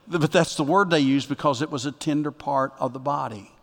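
A man preaching a sermon as pastor, with emphatic delivery that swings from loud bursts to quiet asides. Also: a little high, normal speed, gravelly. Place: church sanctuary. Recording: long reverb of a church hall.

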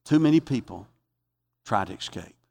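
A man preaching a sermon as a pastor, emphatic and repetitive, swinging from loud exhortation to quiet reflection. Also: lowish voice, lively intonation, moderate pace, creaky, in a large hall. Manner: repeats phrases for emphasis.

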